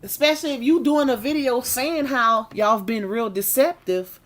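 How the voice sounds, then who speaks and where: A woman hosting a live stream, chatting casually with her viewers and saying she is tired and needs a nap. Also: a little high. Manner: chatty, drawn-out Southern-style slang with y'all and baby. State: tired and yawning.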